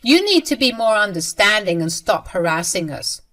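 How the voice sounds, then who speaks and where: A woman's voice: sits low, a little slow, fairly bright tone. A woman voicing an angry, entitled middle-aged mother who scolds and dismisses her daughter. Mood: scolding.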